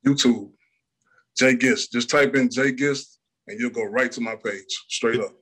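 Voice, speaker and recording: A man from Illinois, an R&B singer, chatting casually as an interview guest over a video call, relaxed with lots of fillers and laughter. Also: medium pitch, measured pace, slightly rough. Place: room in a cousin's house.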